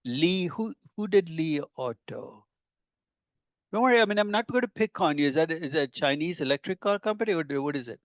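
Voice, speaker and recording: A man's voice: a little high, animated, a little fast, no room sound. An older man, a professor giving a conversational classroom lecture with wry, teasing asides to his students.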